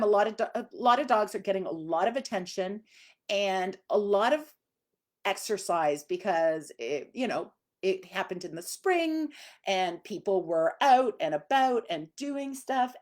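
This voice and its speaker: A middle-aged woman, a dog trainer, teaching casually on a live stream in a chatty, conversational way with lots of fillers. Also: mid-range voice.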